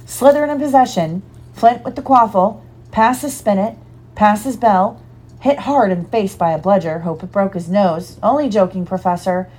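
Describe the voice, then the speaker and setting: A woman voicing an excitable teenage boy commentating a match with cheeky play-by-play. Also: medium pitch, moderate pace, slightly rough, lightly acted.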